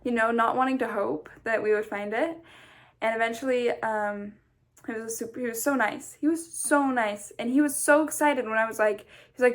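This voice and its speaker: A tired woman vlogger telling a story in a casual, rambling, animated way. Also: on the high side, moderate pace. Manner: chatty, rambling, animated retelling.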